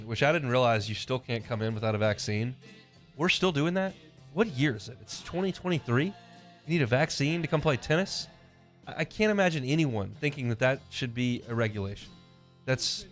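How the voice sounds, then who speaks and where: A man's voice: mid-range voice, fairly bright tone. A man hosting a sports talk radio show, chatting casually and giving blunt opinions with a conversational back-and-forth.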